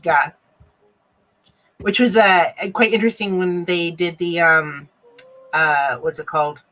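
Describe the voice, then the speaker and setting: A co-host on a livestream podcast with a sharp, bright voice at an ordinary pitch. They ramble through anecdotes, full of "uh" and "um". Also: fairly even intonation, unhurried, rough recording. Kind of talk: casual chat.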